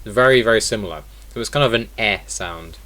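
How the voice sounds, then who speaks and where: A man's voice: lowish voice, a little fast, sharp tone. A man teaching an online lesson in a casual way, explaining step by step and repeating example words. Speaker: accent teacher.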